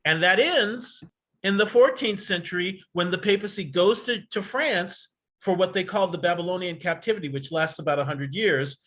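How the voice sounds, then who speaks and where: A man's voice: sits high, normal speed, a bit bright. A man hosting an astrology workshop over a video call, lecturing casually in a rambling, digressive way with the odd swear word.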